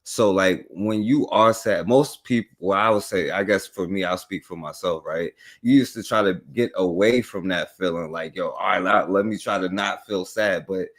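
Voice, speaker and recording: A man's voice: sits low, normal speed, hardly any pauses. A man hosting a casual podcast discussion, rambling with many fillers and restarts.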